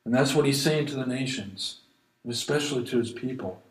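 A man's voice: medium pitch, normal speed, reverberant, slight background noise, low-quality recording. A man preaching a sermon, reading scripture aloud and pleading earnestly with his listeners. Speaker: pastor.

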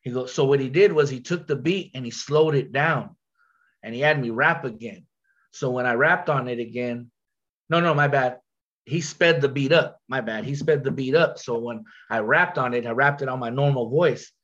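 A male rapper guest with a nasal, mid-range and slightly bright voice tells a story in casual conversation. He uses slang and often repeats or restarts his words. The sound is lo-fi.

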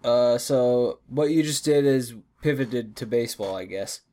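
A young man co-hosting a casual sports podcast over a webcam, relaxed and hesitant with lots of fillers. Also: mid-range voice, unhurried. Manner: laid-back, hesitant, many fillers. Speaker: podcast co-host.

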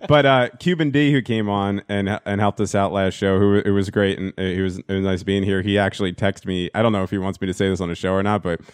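A man's voice: deep voice, fairly even intonation, quick pace, few pauses, clear, resonant tone, no echo. A man in his thirties hosting a casual podcast in a studio, joking and rambling with friends and laughing often. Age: 30s. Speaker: podcast host. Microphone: studio microphone.

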